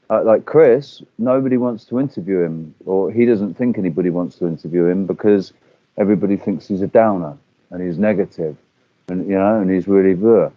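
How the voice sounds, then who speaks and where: A man's voice: low-pitched, moderate pace, warm tone, no echo. Rambling man on a muffled call. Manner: rambling, many fillers and restarts. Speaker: guest. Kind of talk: casual chat on a video call. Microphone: video call.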